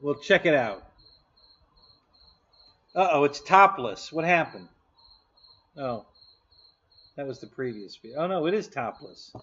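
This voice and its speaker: A man hosts a casual live stream, joking back at his chat and laughing often. His voice rises and falls a lot and sits a little high. The stream audio is dull and lo-fi. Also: lively intonation, unhurried, pauses often, fairly bright tone, slightly rough.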